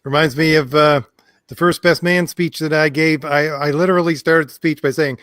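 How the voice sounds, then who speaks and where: Brief: relaxed male co-host, slightly high voice, dry close mic, easy chuckling asides. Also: fairly quick, no echo. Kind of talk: casual chat.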